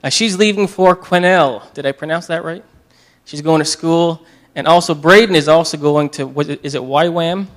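A man leading a church service as pastor, praying and giving announcements in a halting way with many restarts, getting tearful. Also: fairly high pitch.

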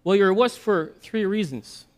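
A preacher doing a blunt believer. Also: male voice, sits high, lively intonation, normal speed, darkish tone. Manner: blunt, challenging. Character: blunt, earnest believer man on raft.

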